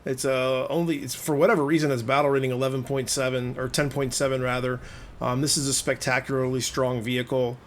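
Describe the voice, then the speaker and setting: Man, gameplay commentary voice-over, middle pitch, conversational, explanatory, frank. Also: flat delivery, brisk, slight background noise. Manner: conversational, explaining play as it unfolds; plain-spoken, openly admits frustration. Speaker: gaming video host.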